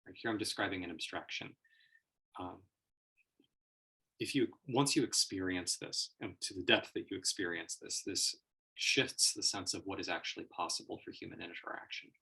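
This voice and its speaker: A man's voice: sits low, moderate pace, vocal fry, sharp tone, slightly rough. A man giving a reflective livestream monologue as a personal growth teacher, searching for words and laughing often.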